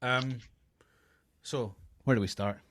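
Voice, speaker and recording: A man's voice: medium pitch, steady tone, a bit bright, no room sound. A Scottish man hosts a loose, friendly podcast chat. He often trips over his words and restarts. His voice sits close and dry on the mic. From Scotland. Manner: halting, lots of fillers and restarts, laughs easily. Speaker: podcast co-host. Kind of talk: casual chat. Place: Australia, remote call.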